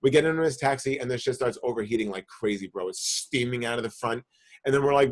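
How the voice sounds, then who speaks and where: A man's voice: mid-range voice, fast talker. A young man from the New York area telling a long profane story in casual podcast chat, full of restarts and "bro". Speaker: podcast co-host.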